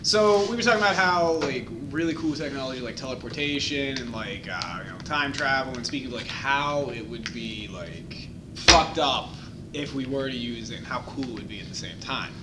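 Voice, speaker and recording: A man's voice: medium pitch, expressive, moderate pace. A young man co-hosting a casual chat, offhand, dropping dry quips. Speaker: podcast co-host. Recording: distant mic with background noise.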